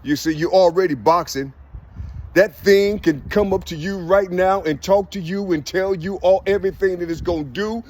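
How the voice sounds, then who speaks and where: A man's voice: sits high, moderate pace, darkish tone. A man giving a loose spiritual monologue, preachy and slangy, with "you see" in nearly every line.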